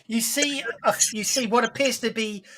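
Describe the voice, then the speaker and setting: A man's voice: very high-pitched, moderate pace, pushed and bright, slight background noise. A man narrating a tabletop game as game master, full of fillers and restarts and often breaking into laughter.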